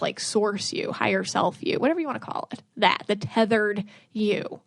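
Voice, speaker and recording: A woman's voice: on the high side, dry recording, studio quality. A woman hosting a spiritual advice podcast, talking earnestly and conversationally, acting out inner voices. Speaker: podcast host.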